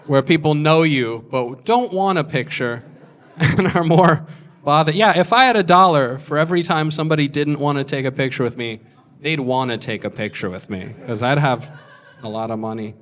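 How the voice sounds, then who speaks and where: A man's voice: a little high, normal speed, a bit bright. A man in his thirties doing stand-up, telling rambling self-mocking stories and swearing freely. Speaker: stand-up comedian. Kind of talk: stand-up storytelling.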